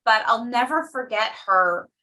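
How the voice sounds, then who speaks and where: A woman's voice: on the high side, a little slow, bright, forceful tone, far from the mic, rough recording. A woman hosting a podcast, chatting casually and telling stories with a laugh now and then. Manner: chatty storyteller, laughs often. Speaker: podcast host. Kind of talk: casual chat.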